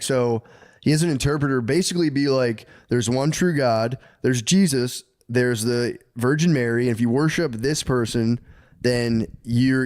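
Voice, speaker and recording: A man's voice: mid-range voice, darkish tone. A man co-hosting a podcast, telling a history story in a rambling, profane, comedic way. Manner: rambling, profane, acts out characters with laughter. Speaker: podcast co-host.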